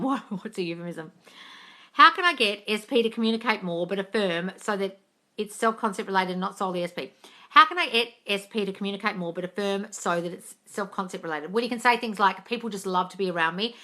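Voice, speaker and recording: A woman's voice: mid-range voice, bright, forceful tone. A woman coach answering viewer questions on a live stream, blunt and sweary, calling people darling.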